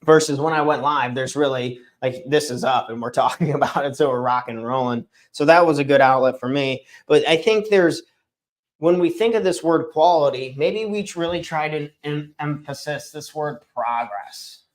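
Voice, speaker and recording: Man, morning show host, slightly high voice, casual livestream talk, rambling and self-correcting. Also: moderate pace. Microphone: streaming setup microphone.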